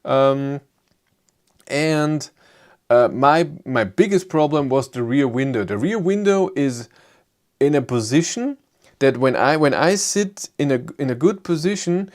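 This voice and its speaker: A man with a German accent, hosting a live stream and chatting with viewers in English in a halting, rambling way. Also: medium pitch, animated. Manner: rambling, halting, frequent restarts. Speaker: YouTube car channel host.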